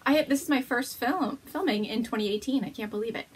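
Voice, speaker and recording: A woman's voice: on the high side, fast talker, slightly rough. A woman hosting a knitting podcast, chatting casually at home to the camera, bubbly and gushing, laughing often.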